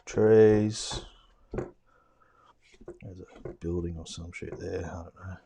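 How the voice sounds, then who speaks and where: An Australian man mutters offhand, self-mocking remarks with mild swearing as he gives a casual watercolour demo, sometimes dropping to a whisper. His low, dark voice is steady and very slow, with vocal fry and a breathy edge.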